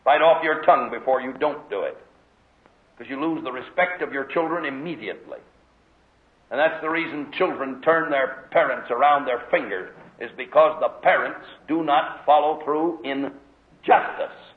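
Heard in a lo-fi, phone-like recording from an echoey hall, a mid-range male voice preaches at a moderate pace. He animates his stories by acting out quoted voices, and the congregation responds audibly.

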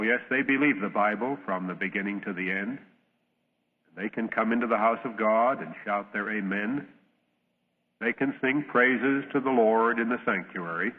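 A man preaching a sermon, reading scripture in a measured, solemn way and telling a parable. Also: mid-range voice. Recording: tinny old radio broadcast, long reverb.

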